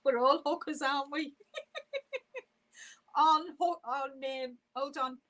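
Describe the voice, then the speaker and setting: Woman, high voice, unhurried, chatty live-stream host, laughs often, reads comments aloud. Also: steady tone, bright, forceful tone, poor audio. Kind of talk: casual live-stream chat reading viewer comments.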